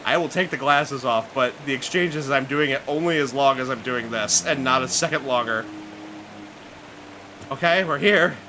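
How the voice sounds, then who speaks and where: A man's voice: medium pitch, normal speed, pushed and bright, slight background noise. A man streaming a game live, joking, swearing and muttering to himself as he plays. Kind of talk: live gameplay commentary.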